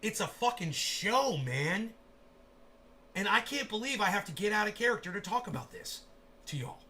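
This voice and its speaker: A man livestreaming a profane rant, who swears constantly, bursts into shouting and acts out scenes in quoted voices. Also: high voice, big pitch swings, normal speed, slight background noise.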